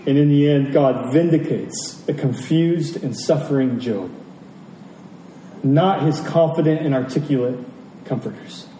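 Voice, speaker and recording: Mellow-voiced preacher in a roomy hall. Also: male voice, a little high, a little slow, slight background noise. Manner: emphatic, rhetorical questions, repeats key phrases. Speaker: pastor. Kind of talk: sermon. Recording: roomy, distant from the mic, faint ambience.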